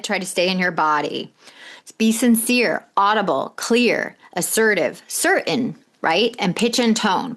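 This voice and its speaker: A woman hosts her own podcast and talks straight to the listener. She coaches in short, punchy lists of tips, blunt and direct, with a bit of casual swearing. Her pitch sits at an ordinary middle height for a woman. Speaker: podcast host. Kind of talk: solo podcast advice talk.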